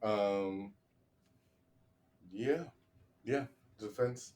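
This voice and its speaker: Halting comedian arguing a mock defense. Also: male voice, on the low side, a little mellow. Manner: halting, lots of fillers and repeated starts. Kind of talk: comedic podcast mock-trial banter.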